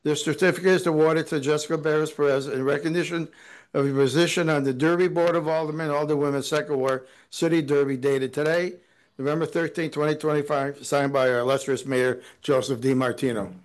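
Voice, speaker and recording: A man's voice: fairly high pitch, steady tone, a little fast, rough recording. A man giving informal ceremonial remarks at a town council meeting, folksy and joking, with hesitant "uh"s. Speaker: city official presenting an award.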